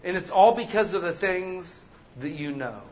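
A man preaching a sermon as pastor, animated and joking, acting out the people he quotes. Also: sits high, normal speed.

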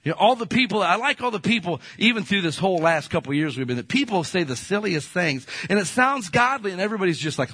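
A man preaching a sermon as a pastor, folksy and animated, often slipping into playful quoted voices. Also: sits high, fast, few pauses, slightly rough, dry recording.

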